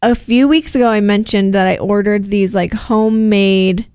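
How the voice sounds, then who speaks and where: A woman's voice: medium pitch, fairly even intonation, normal speed, a little mellow, clear, resonant tone, no echo, studio quality. A woman co-hosting a casual podcast chat, talking in a chatty way with lots of "like" fillers. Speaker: podcast co-host.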